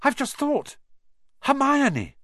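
A man's voice: very high voice, lively intonation, moderate pace, fairly bright tone, no echo, studio quality, voice pushed up. A man voicing a young boy wizard, brave and urgent, with a breathless manner.

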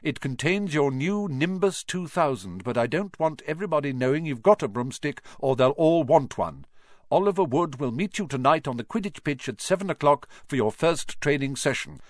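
A man voicing a stern older female professor giving brisk instructions. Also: fairly high pitch, animated, no room sound, studio quality, pitched above the performer's own voice, natural voice.

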